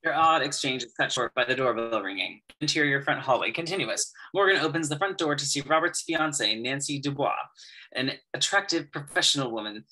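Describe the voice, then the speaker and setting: Husky bright-voiced male narrator. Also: mid-range voice, lively intonation, a little fast, poor audio. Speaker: narrator reading stage directions. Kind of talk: script narration in an amateur audio drama.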